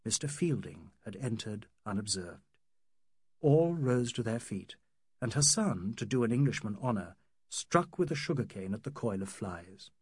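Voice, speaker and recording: A man narrating a classic novel as an audiobook in a measured, wry manner. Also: fairly low pitch, very animated, slightly rough, no echo, studio quality.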